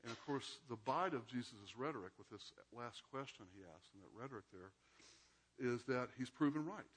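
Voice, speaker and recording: Man, lecturer, mid-pitched voice, informal teaching tone, frequent "right?" asides. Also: animated, moderate pace, slight background noise. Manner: conversational, checks in with "right?". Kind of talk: informal lecture with scripture reading.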